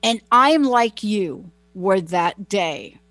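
A woman's voice: mid-range voice, lively intonation, drawn-out words, fairly bright tone, dry recording. Rambling woman host, dry close sound. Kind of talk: casual chat.

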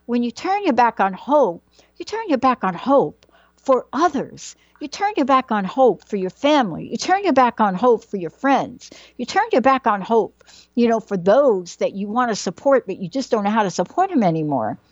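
A woman's voice: medium pitch, animated, fairly quick, hardly any pauses, darkish tone, no echo, lo-fi sound, natural voice. A woman voicing her older mother, who keeps urging her daughters not to turn their back on hope, repeating the warning over and over. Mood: urgent. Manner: insistent, repeating the same warning.

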